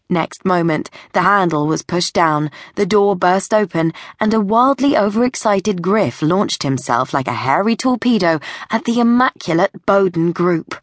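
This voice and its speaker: Brief: woman audiobook narrator, lowish voice, measured and wry, close dry studio sound. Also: dry recording.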